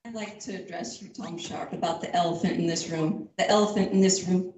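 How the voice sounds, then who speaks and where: A woman's voice: lowish voice, steady tone, brisk, background noise. A woman speaking at a community meeting, emphatic and repetitive, rising to indignation. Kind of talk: impassioned public comment. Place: large community meeting hall. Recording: echoey hall recorded from far off.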